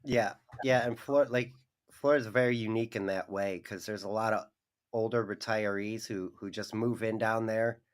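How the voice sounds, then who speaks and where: A man's voice: on the low side, steady tone, normal speed. Chatty man who laughs a lot. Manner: laughs often, goes off on tangents. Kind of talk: casual chat.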